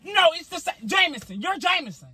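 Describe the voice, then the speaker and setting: High, lively, exasperated young woman. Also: brisk. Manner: exasperated, dismissive, repeats herself. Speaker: vlogger, girlfriend. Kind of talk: casual argument. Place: parked car.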